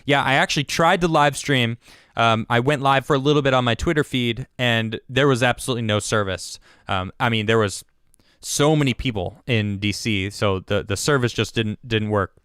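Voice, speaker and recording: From the United States, this livestream host delivers heated political talk at normal speed in a clear, resonant, mid-range voice with a bit of brightness. There's no room sound in the studio-quality audio, and he stammers, repeats words, and restarts.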